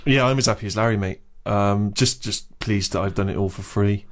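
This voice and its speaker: A man's voice: lowish voice, fairly quick. A man chatting drily and explaining things patiently during a casual radio chat. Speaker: radio co-host.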